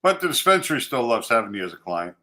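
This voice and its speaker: A man with a middle-pitched voice co-hosts a podcast, trading dry jokes and then reading a news item aloud slowly and carefully. His delivery is relaxed and conversational. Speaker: podcast co-host.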